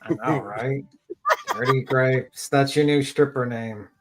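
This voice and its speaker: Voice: medium pitch, takes it slowly, slight background noise. A co-host on a casual livestream panel who talks in a rambling, joking way.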